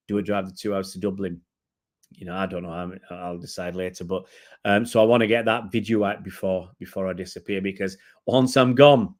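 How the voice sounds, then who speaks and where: A middle-aged man hosting a fan channel's casual live-stream match review, chatting in a rambling way and answering viewer comments as he reads them out. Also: lowish voice. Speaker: football fan channel host.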